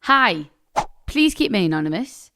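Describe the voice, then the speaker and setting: A woman's voice: medium pitch, sing-song, measured pace, bright, forceful tone. A woman co-hosting a podcast, chatting casually, reading out a listener letter and laughing as she goes. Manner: giggly, teasing. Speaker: podcast co-host.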